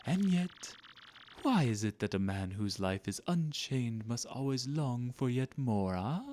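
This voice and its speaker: A man's voice: mid-range voice, animated, measured pace, dark tone, natural voice. A man voicing a vain, dramatic rich male merchant who talks in a pompous, theatrical way with a put-on foreign lilt.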